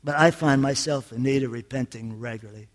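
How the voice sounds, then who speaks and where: A man preaching a sermon in a folksy way, telling jokes and moving from soft, confiding lines to loud, emphatic ones. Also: medium pitch, fairly quick. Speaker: pastor.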